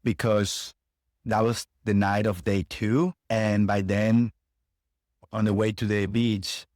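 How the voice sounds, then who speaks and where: A man talking in a casual conversation, earnest and halting as he recounts a hard event. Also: lowish voice, level tone, a little mellow, dry recording, studio quality. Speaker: podcast co-host.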